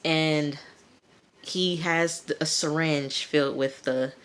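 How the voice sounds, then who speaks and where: A woman's voice: sits low, steady tone, slow pace, smooth. A woman casually recapping a TV episode, chatty with many fillers, talking straight to her viewers. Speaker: TV episode reviewer.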